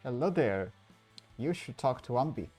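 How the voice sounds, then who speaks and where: Game storyteller, brisk, matter-of-fact, voice chat, home computer mic, lively pitch. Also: soft background music. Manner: brisk, matter-of-fact, thinks aloud between calls. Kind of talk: running an online social deduction game over voice chat.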